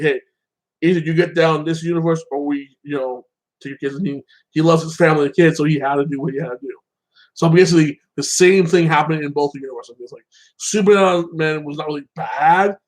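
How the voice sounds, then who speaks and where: A man's voice: a little high, low-quality recording. Rambling man recapping a show. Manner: rambling, filler-heavy, acts out characters' lines. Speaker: show reviewer. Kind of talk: casual recap review.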